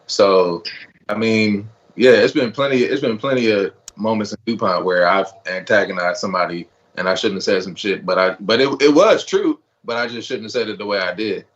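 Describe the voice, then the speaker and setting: A man's voice: fairly low pitch, normal speed. A man on a talk panel, speaking bluntly and casually with slang. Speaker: guest panelist. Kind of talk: casual discussion. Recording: slightly dull audio.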